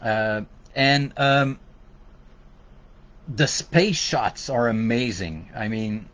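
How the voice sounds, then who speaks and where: A man's voice: mid-range voice, drawn-out words, fairly bright tone. A man with a Québécois French accent, hosting a casual podcast and talking loosely with many fillers and restarts. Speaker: podcast host. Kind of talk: casual bilingual podcast chat.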